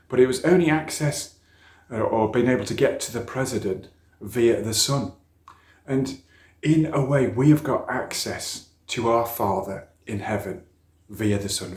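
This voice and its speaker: A man's voice: fairly low pitch, darkish tone. Middle-aged man, storytelling sermon, roomy church sound. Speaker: speaker at a church youth talk. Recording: echoey church room.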